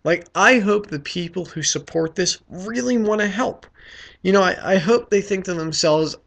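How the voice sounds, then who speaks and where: A man's voice: high voice, moderate pace, gravelly, fairly bright tone. Rambling, cursing man from the US. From United States. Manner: rambling, profane, many fillers and restarts. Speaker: vlogger. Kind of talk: casual opinion rant.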